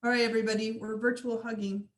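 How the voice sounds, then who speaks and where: A woman hosting a group video call, speaking gently and encouragingly to grieving participants. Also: on the high side, flat delivery, quick pace. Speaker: host. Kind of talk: warm group video chat. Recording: echoey room on video call.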